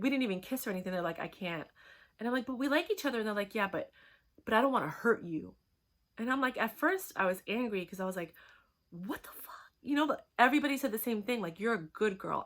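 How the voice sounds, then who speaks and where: A young woman talking frankly in a chatty, animated personal vlog monologue. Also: mid-range voice. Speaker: vlogger.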